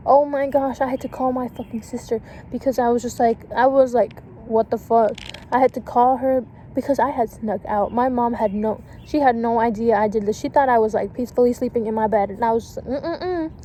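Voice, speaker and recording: A woman's voice: on the high side, fairly even intonation, a little fast, few pauses, dark tone, poor audio. A young woman casually telling a storytime vlog, swearing a lot and filling her talk with "like" and "and shit.". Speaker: vlogger. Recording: faint background noise.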